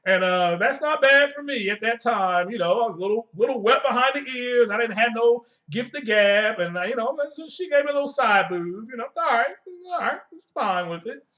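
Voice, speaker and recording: High, bright-voiced man ranting bluntly. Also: lively intonation, brisk, few pauses. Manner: blunt, profane and joking, chuckles often. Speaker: live-stream host. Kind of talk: casual live-stream rant.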